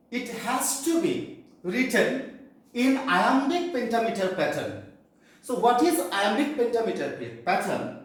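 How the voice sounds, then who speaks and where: A man teaching a poetry class in a slow, explanatory lecture with pauses and fillers, from Bengal. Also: very high voice, heavy reverb, rough recording.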